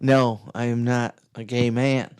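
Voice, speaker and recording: A man's voice: medium pitch, flat delivery, unhurried, a little mellow, clear, resonant tone, no room sound. A man co-hosting a podcast in casual chat, laughing often as he tells stories and acts out quoted voices. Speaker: podcast co-host.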